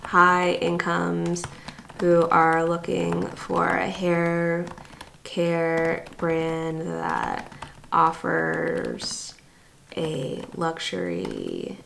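A woman's voice: on the low side, lively intonation, extremely slow, gravelly, a bit bright, a little hiss or hum. Chatty woman with dry sarcastic asides. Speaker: freelance writer reviewing software. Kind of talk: casual review and demo.

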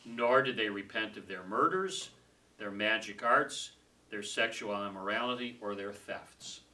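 Bright-voiced man leading Bible study. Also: fairly low pitch, measured pace. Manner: conversational, laughs easily, trails off softly. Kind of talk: casual group teaching. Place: small room with a group. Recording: distant mic with faint room noise.

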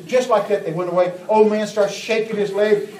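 A man preaching a sermon, telling folksy, lively anecdotes. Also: high-pitched, a little fast, slight background noise. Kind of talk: storytelling sermon. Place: large church hall. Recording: echoey church from far off. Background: congregation.

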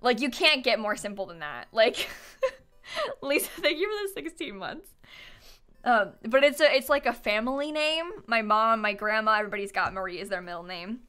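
A woman's voice: fairly high pitch, expressive, normal speed, bright, forceful tone, smooth. Giggly chatty young woman streamer. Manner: chatty, rambling, giggly, many fillers. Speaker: live streamer. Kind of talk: casual chat with stream viewers. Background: faint music.

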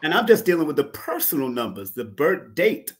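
A man's voice: a little high, big pitch swings, a little fast. A man explaining numerology in a casual chat, laughing easily. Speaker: guest numerologist.

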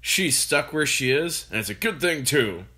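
The storybook reader plays a grumpy father who sneers and brushes off every worry. His voice is bright and lively, barely changed from the reader's own. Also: mid-range voice, normal speed. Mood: scornful. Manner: gruff, scornful. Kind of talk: storybook read-aloud.

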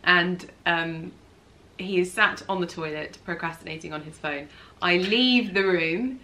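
A woman's voice: on the low side, a little slow, sharp tone. A woman casually chatting with her husband at home, telling stories and laughing. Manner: storytelling, laughing as she talks. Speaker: co-host, wife. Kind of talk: casual couple Q&A chat.

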